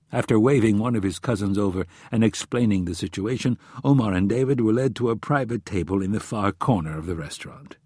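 A man reading a novel aloud as narrator, with steady, even storytelling. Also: fairly low pitch, breathy edge, no room sound, studio quality. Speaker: audiobook narrator. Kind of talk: scripted narration.

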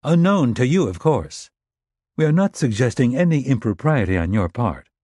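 A man voicing a smooth-talking former Marine turned manager, disarming and polite with a hint of nerves, in an audiobook. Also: mid-range voice, big pitch swings, normal speed, a little mellow, no room sound, studio quality, voice pushed up. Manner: disarming, polite, a bit nervous.

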